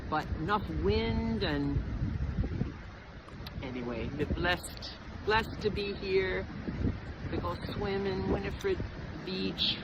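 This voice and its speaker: A woman's voice: medium pitch, takes it slowly, pauses often. A Canadian woman with a Canadian accent, talking playfully in Jamaican Patois in a casual outdoor vlog at the beach. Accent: Canadian, speaking Jamaican Patois. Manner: friendly, playful, practicing Patois. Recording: loud windy outdoor recording. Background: loud wind and outdoor noise.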